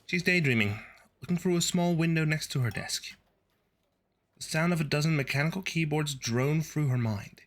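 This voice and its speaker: A man's voice: fairly high pitch, moderate pace, fairly bright tone, a little hiss or hum. A male streamer reading a video game's story text aloud and adding wry, sardonic asides.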